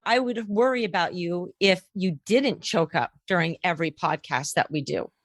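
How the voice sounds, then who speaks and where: A woman's voice: on the low side, normal speed, dry recording. A woman with a Boston accent co-hosting a casual podcast, chatty and self-deprecating. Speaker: podcast co-host.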